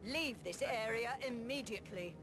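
A woman's voice: fairly high pitch, lively intonation, moderate pace. A woman voicing a rude, wealthy lady of the house in a video game, who orders the staff around imperiously. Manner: imperious, scolding. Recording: roomy game audio under loud music.

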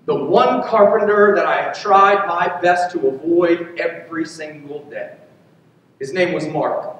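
A man's voice: on the high side, measured pace, fairly bright tone, highs cut off, a little hiss or hum. Man, pastor, sermon, earnest storytelling, heavy room echo, long reverb. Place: church sanctuary. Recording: echoey hall from far off.

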